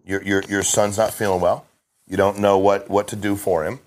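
A middle-aged insurance sales agent, appearing as a podcast guest, speaks in a fairly low, level voice. He tells stories casually but fast and with emphasis, restarting his sentences often.

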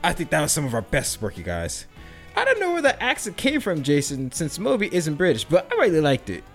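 A man's voice: a little high, wildly swooping pitch, fairly quick, fairly bright tone, soft background music. Upbeat coaxing man directing improv, voice swoops widely. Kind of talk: improv comedy scene.

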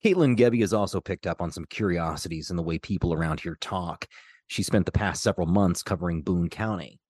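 A man narrating a scripted news feature in a measured, clear way. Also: low-pitched, darkish tone, no echo. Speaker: radio reporter and narrator.

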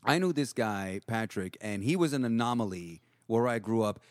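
A man's voice: fairly low pitch, expressive, moderate pace, no room sound, clean studio sound. A middle-aged man, telling a rambling street story in casual chat and swearing freely. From Jackson Heights, New York. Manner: profane, rambling, acts out voices.

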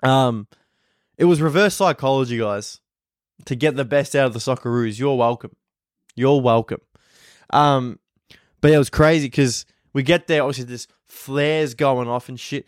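A man's voice: mid-range voice, moderate pace, dry recording, clean studio sound. A young Australian man, a comedian, telling rambling, profane stories in a casual podcast monologue from home.

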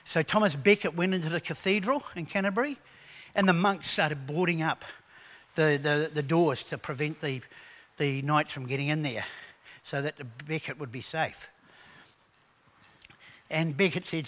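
A man preaching a sermon, animated and conversational, telling stories to his congregation. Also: on the high side, moderate pace. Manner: animated preaching with acted quotes; conversational storytelling. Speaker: pastor.

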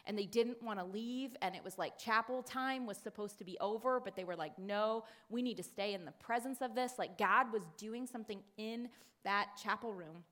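A woman speaking to a congregation in a sermon-style talk, telling a story with many fillers and quick restarts. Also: mid-range voice, a bit bright. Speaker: church speaker.

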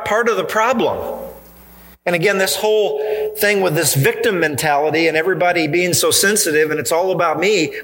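Male pastor, fairly high bright voice, emphatic sermon delivery, addresses congregation directly. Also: low-quality recording. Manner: earnest, emphatic preaching with pointed repetition. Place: church.

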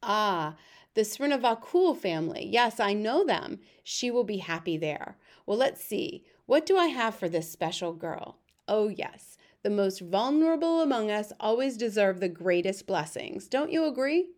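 Gentle elderly monk, kind and unhurried, read by a woman narrator. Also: medium pitch, very animated. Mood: tender. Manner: gentle, cooing with babies. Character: kindly old male monk, gentle and warm.

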